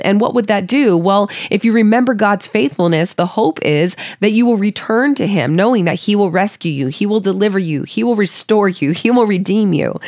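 A woman's voice: mid-range voice, expressive, moderate pace, few pauses, dry recording, clean studio sound. A woman from Hawaii hosting a Bible study, reading scripture and explaining it in a heartfelt, conversational way. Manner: warm, earnest, heartfelt and conversational.

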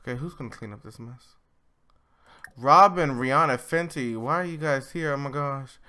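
A young man hosting a let's play, giving casual and excitable commentary as he bosses his game characters around with mild swearing. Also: mid-range voice, moderate pace. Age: young adult.

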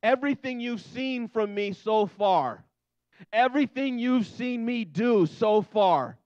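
A man's voice: extremely high pitch, slow pace, darkish tone, no echo, lo-fi sound. A man preaching a sermon in a loose, conversational way, acting out the scenes he tells in quoted voices. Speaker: pastor.

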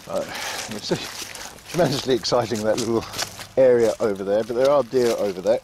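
A man talking calmly while walking his dogs outdoors and explaining how he trains them. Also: medium pitch, normal speed, noisy background. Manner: calm, repetitive, calls out to the dog. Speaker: dog trainer. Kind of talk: casual walking commentary. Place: outdoors in fields.

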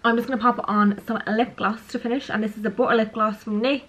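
A woman's voice: on the high side, fairly even intonation, fast, hardly any pauses, a bit bright, poor audio. A young woman casually chatting through her everyday makeup routine while she applies it. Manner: chatty, self-aware, talks while applying makeup. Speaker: beauty vlogger. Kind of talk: casual makeup tutorial chat.

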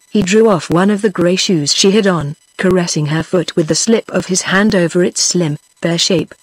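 A synthetic woman's voice with a British English accent, narrating an audiobook in an even, flat delivery. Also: fairly low pitch, breathy edge, no room sound. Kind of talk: text-to-speech book reading.

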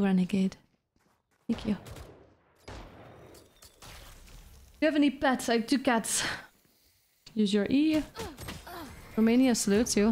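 A fairly high-pitched woman talking over a live game stream, casual and a little sweary as she answers chat. She sounds under the weather and low on energy, drifting between commentary on her plays and replies to viewers. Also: a little slow, pauses often, mellow, a little hiss or hum. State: feeling unwell, low energy. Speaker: VTuber streamer.

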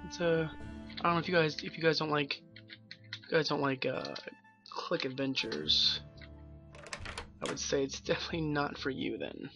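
A man's voice: fairly high pitch, expressive, moderate pace, long pauses, muffled recording, over music. A young man joking and swearing through rambling commentary while playing a video game. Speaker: let's play gamer. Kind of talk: profane sarcastic game commentary.

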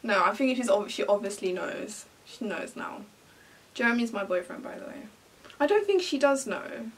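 A woman's voice: medium pitch, expressive, moderate pace, distant mic. A young woman vlogging casually to camera, giggling and bursting into laughter often. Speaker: beauty vlogger.

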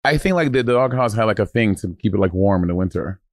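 A man's voice: lowish voice, expressive, fast talker, no echo, clean studio sound. A man from Saint Lucia co-hosting a podcast, rambling through stories in a casual chat and laughing often. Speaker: podcast co-host.

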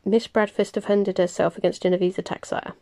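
A woman voicing a deferential male vampire underling, apologetic and rough-voiced, in a storybook reading. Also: medium pitch, little pitch movement, brisk, mellow, natural voice.

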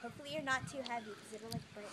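A young woman rambling excitedly and giggling while chatting with a friend on a tree swing outdoors. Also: fairly high pitch, rapid-fire. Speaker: friend filming a home video. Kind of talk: casual chat between friends. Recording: noisy outdoor home video.

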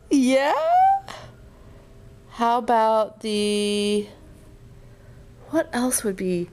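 A young mother talking softly to her sick son, coaxing him with gentle, sing-song questions. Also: medium pitch. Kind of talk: tender talk to a sick child.

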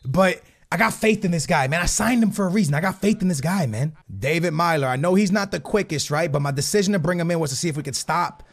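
American gamer guy, high gravelly voice, swings from loud hype to low mutter. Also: quick pace, hardly any pauses. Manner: hyped, shouting at goals, then quiet and muttering. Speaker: gaming YouTuber. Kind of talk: excited gameplay commentary.

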